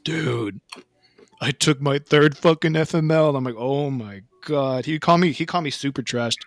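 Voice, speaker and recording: A man's voice: on the high side, moderate pace, dry recording, studio quality. A young man in casual chat among friends, laid-back and swearing, telling party stories. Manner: laid-back, swears a lot, says dude. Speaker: podcast co-host.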